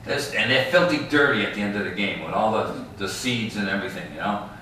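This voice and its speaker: Giving a guided tour outdoors in a big ballpark, this man speaks in a lowish, fairly quick voice with a bright, forceful tone, telling stories and ending lines with "all right?" and "okay?". The recording is very echoey, with a distant mic and faint background noise.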